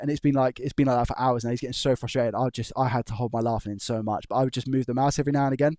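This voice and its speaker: Racing along with few pauses, a man with a steady, dark, mid-range voice chats on his home electronics repair live stream. He tells rambling stories, chuckles, and restarts sentences, recorded cleanly in studio quality without room sound.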